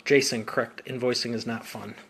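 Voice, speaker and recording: A man's voice: mid-range voice, fairly even intonation, fairly quick, vocal fry, fairly bright tone, slight background noise. A man working as a business coach, answering viewer comments in a casual, upbeat live Q&A with informal slang.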